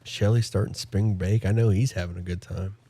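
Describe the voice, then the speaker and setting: A man's voice: low-pitched, steady tone, a little fast, warm tone, slightly rough. A man live-streaming a game and chatting casually, giddy and emotional, laughing often. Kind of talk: casual chat while gaming. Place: home.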